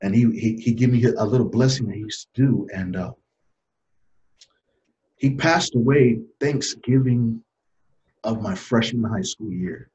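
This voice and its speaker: A man in his forties telling a personal story as an interview guest, earnest and halting, getting choked up and dropping his voice low and soft. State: emotional, choked up. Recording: dull lo-fi audio.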